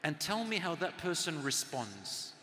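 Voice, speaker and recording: A man in his forties giving a live talk to an audience, with loud and soft swings and near-whispered asides for emphasis. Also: fairly high pitch, very animated, a little slow, slight background noise. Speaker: speaker on parenting and teaching. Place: large hall with a live audience. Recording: long hall reverb from a live talk.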